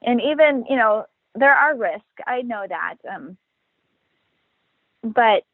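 A woman's voice: medium pitch, slightly rough, no echo. A woman in her thirties, a guest in a casual interview, talking in an upbeat, matter-of-fact way and acting out the voices she quotes. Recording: dry, tinny phone-like line.

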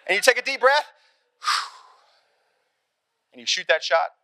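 A young man delivers a lively, conversational sermon, slipping into small acted-out scenes as he goes. His voice sits a touch high and has a bright, forceful ring. The sound is close and dry, with almost no room around it. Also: a little slow, dry recording. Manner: animated, conversational preaching with acted-out asides. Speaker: pastor.

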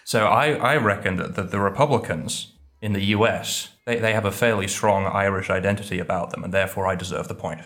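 A man's voice: lowish voice, a little fast, fairly bright tone. A man from England making a playful, cheeky argument on a casual podcast quiz. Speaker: podcast guest, quiz player.

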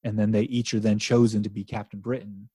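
A man's voice: lowish voice, a little fast, breathy edge, dry recording. A man co-hosting a podcast, chatting animatedly about comics with lots of swearing and false starts. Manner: animated, swearing, trailing restarts. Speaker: podcast co-host. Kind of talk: casual chat about comics.

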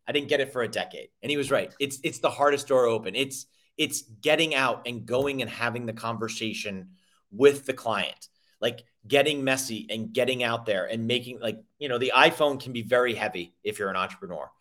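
A man being interviewed as a sales coach, talking energetically and telling stories, often repeating himself and acting out quoted people. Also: mid-range voice. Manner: energetic, repeats words and restarts, quotes people in lively voices. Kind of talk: conversational interview storytelling.

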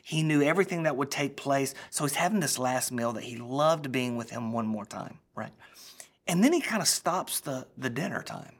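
A man preaching a sermon as a pastor, swinging between loud, emphatic lines and hushed, almost whispered ones. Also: medium pitch, animated, normal speed.

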